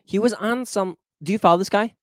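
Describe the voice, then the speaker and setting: A young man co-hosting a casual podcast, rambling and excitable, often trailing off mid-thought. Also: high voice, fairly quick, no room sound, studio quality. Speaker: podcast co-host. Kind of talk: casual chat.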